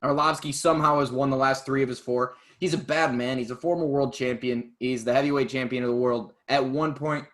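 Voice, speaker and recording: A man co-hosting a casual podcast, chatty and quick to laugh, with plenty of fillers and trailing thoughts. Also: mid-range voice, fairly even intonation, fairly bright tone. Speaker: podcast co-host. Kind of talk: casual chat about MMA.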